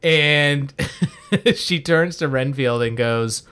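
A man's voice: medium pitch, drawn-out words, a bit bright, clean tone. A man co-hosting a podcast, casually reviewing a film, laughing and swearing offhandedly. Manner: laid-back, swears casually, laughs along. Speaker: podcast co-host. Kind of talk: casual movie review chat.

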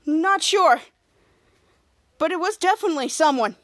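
A woman's voice: very high voice, animated, moderate pace, a bit bright. A woman reading the lines of a boastful, goofy adult male superhero, with a slight lift in her voice.

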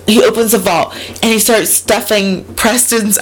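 In a mid-range voice that runs a little slow with few pauses, a woman co-hosting a casual podcast animatedly recaps a movie's plot. She acts out the characters' lines, swearing and laughing along the way.

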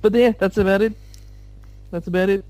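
Animated, higher-voiced man telling funny stories. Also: fairly quick, no room sound. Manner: animated and jokey, laughs at his own stories. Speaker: podcast panelist called Captain. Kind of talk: casual music discussion.

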